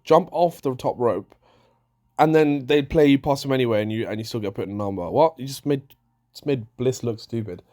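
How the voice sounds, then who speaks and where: A man rants casually through a wrestling review. He sounds animated and exasperated, often stopping mid-sentence to restart a thought. His pitch sits mid-range for a man. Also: brisk.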